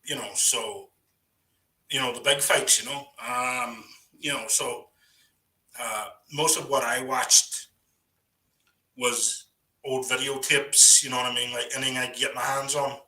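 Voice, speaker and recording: A man's voice: mid-range voice, fairly even intonation, unhurried, bright, forceful tone. A man telling stories in casual chat, rambling and padding his talk with "you know" and "right". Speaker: guest storyteller on a live voice chat. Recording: roomy sound from a distant mic.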